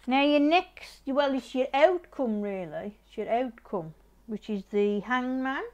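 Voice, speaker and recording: A middle-aged woman reads tarot in a casual, chatty way. She has a slightly high voice. She repeats herself often, restarts her sentences and gently urges the listener to slow down. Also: lively intonation, highs cut off. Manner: repetitive, restarting, gently advising. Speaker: tarot reader. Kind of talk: casual tarot reading to camera.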